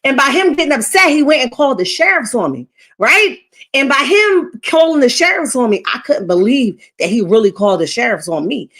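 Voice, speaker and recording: A woman hosts a casual livestream and tells a personal story to her chat. Her voice sits a little high. She rambles and restarts, keeps checking in with "right?", and the retelling is emotional. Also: lively intonation, brisk, a bit bright. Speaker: livestream host.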